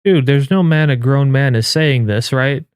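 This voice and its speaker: A man streaming live, reacting in casual commentary with incredulous, swearing outbursts that jump up in pitch. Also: normal speed, clean tone, dry recording, clean studio sound. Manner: incredulous, swearing, rising to yelps of disbelief. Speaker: game streamer and YouTuber.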